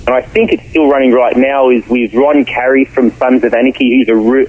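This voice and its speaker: A man, a radio guest telling animated stories in slangy talk over the phone. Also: mid-range voice, fairly quick. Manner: animated, acts out quotes, slangy. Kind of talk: storytelling in a radio interview. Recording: phone line.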